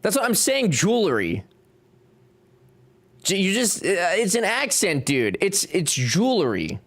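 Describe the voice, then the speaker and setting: A man's voice: high-pitched, wildly swooping pitch, measured pace, a bit bright. A young man with a Cajun accent, chatting casually and joking with his live chat while he builds. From Louisiana. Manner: joking, reading chat aloud. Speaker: streamer.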